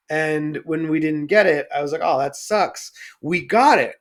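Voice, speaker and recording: A man's voice: fairly high pitch, moderate pace, hardly any pauses. A man co-hosting a casual movie review podcast, joking, swearing and teasing his co-hosts. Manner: joking and profane, teasing the others. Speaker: podcast co-host.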